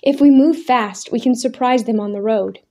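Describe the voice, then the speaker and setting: A woman's voice: on the high side, normal speed, darkish tone. A woman voicing an earnest young man who presses his case urgently. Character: young male craftsman, earnest and desperate.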